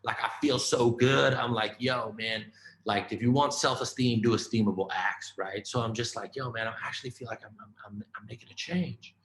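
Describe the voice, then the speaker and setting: A man giving a keynote talk, telling a story in an informal, animated way, with lots of "man" and "right?" and restarts. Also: medium pitch, moderate pace, roomy sound, poor audio. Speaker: keynote speaker.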